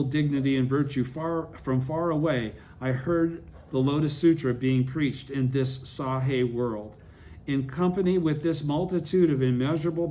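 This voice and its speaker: A man's voice: medium pitch, a little mellow, a little hiss or hum. A man leading a study group, reading a text aloud and explaining it, often checking that his listeners follow.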